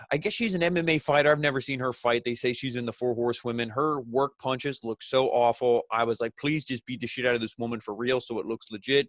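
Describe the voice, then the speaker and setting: Male reviewer, mid pitch, sardonic and crude, dry close sound. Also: fairly bright tone, dry recording. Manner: sarcastic, profane, mocking impressions of wrestlers. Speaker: wrestling show reviewer. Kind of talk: casual recap commentary.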